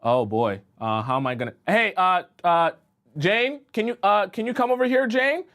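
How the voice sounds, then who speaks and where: A man voicing an overconfident woman slowly sinking in quicksand, rambling and tripping over filler words. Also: medium pitch, voice pushed down, close to an everyday voice. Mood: nervous. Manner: rambling, with filler ums and calls for help.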